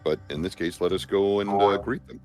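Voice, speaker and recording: A man's voice: lowish voice, fairly even intonation, a little fast, soft background music. A man role-playing a captain in a formal, archaic way of speaking. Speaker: player. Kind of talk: in-character role-play.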